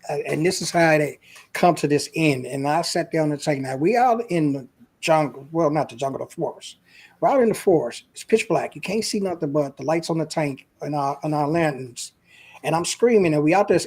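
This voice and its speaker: A man's voice: fairly high pitch, darkish tone, breathy edge. A man, a guest on an interview show, earnestly telling a personal story in a casual, emotional way.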